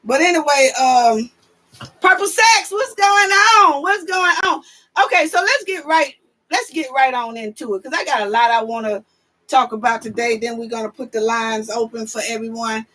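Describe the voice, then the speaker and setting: Sassy new lady hosting a livestream, high bright voice, calls out chat names. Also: normal speed. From New York. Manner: animated, sassy, confrontational. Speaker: livestream host.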